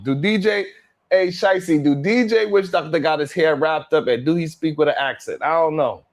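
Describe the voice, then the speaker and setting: A male livestream host who rambles and laughs as he reads out chat names, talking in with plenty of swearing. His voice sits a little higher than most men's.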